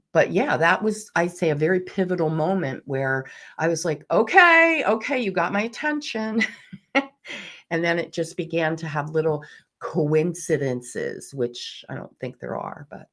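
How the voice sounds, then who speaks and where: A middle-aged woman, a guest on a podcast, telling her personal story in an earnest, emphatic way with vivid detail. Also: deep voice. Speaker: intuitive mentor and podcast guest.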